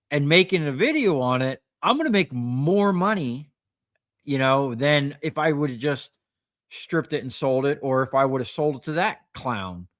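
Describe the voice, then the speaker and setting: A man's voice: on the high side, fairly bright tone, dry recording, clean studio sound. A man, a scrap metal recycler, telling rambling anecdotes on a livestream, full of fillers and quoted dialogue. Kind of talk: casual storytelling on a livestream.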